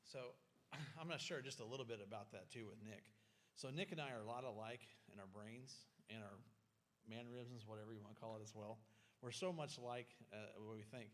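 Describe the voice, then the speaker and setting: A man co-presenting a parenting class, relaxed and plain-spoken, with loose restarts. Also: fairly low pitch, brisk. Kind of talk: casual class talk.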